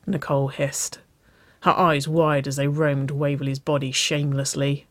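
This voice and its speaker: A reader narrating a romance story in a slow, soft, intimate way. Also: mid-range voice, no room sound. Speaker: audiobook reader.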